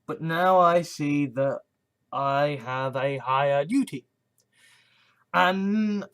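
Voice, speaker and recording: A vlogger rambles through a casual monologue, halting often with restarts and nervous laughs, earnest and agitated and swearing now and then. The voice is medium-pitched with a fairly bright tone.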